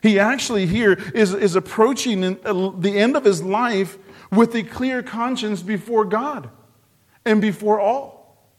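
A man with a rather high voice delivers a sermon. He speaks earnestly, repeating his phrases for emphasis. He sinks low and soft on the words that matter most. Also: unhurried. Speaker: preacher.

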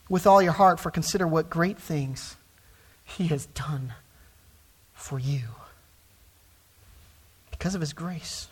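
A man preaching a sermon from the pulpit. His delivery rises to loud, emphatic stresses on key words and then drops back to low, quiet phrases. The pace slows for emphasis and speeds up for asides. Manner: emphatic preaching with wide swings from soft to loud. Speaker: pastor.

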